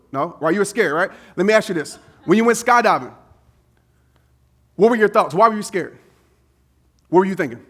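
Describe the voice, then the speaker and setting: A man in his thirties giving a motivational keynote, telling a story in a lively, conversational way, acting out quotes and laughing often. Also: high-pitched. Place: conference stage before a live audience.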